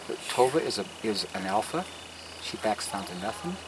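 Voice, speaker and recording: This man's lowish voice swings widely in pitch at a moderate pace as he shows visitors around his garden outside, storytelling casually yet earnestly, with emphatic, preacher-style asides. The field recording picks up outdoor noise.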